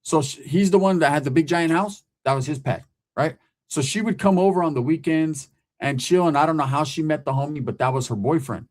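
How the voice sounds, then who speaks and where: A man's voice: a little high, a little mellow. A man from California, telling a story in casual, street-slang style and often tagging his sentences with "right?". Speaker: host.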